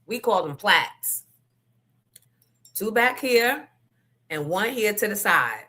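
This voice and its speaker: Brief: woman host, casual chat, bright and forceful tone, candid and salty. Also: medium pitch, animated, slow. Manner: candid, profane storytelling with asides to the audience.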